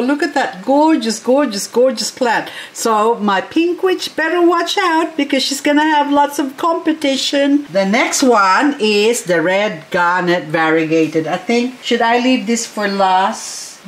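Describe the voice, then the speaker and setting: A woman vlogger unboxing plants, gushing and exclaiming often as she repeats her words. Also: a little high. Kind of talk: casual unboxing vlog.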